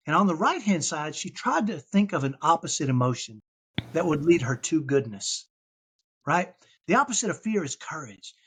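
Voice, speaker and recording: Podcast guest: husky, fairly high-voiced man in his fifties, earnest and conversational. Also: sing-song, moderate pace, a bit bright. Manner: earnest, tags points with "right?".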